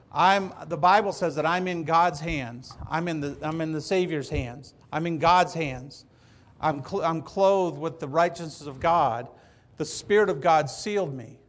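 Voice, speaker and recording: Middle-aged man, pastor mid-sermon; earnest, repeats himself, storyteller, voice a bit high.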